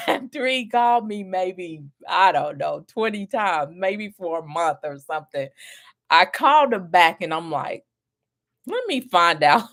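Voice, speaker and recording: A middle-aged woman mentoring group home owners, telling a story in an animated way, laughing often and acting out what people said. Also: mid-range voice. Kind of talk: storytelling to viewers.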